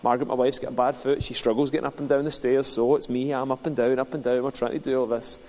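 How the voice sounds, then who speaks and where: A man's voice: mid-range voice, flat delivery, fast talker, darkish tone. A man, a pastor telling a personal story in a sermon with a conversational manner. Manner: conversational, builds to passionate preaching. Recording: long hall reverb.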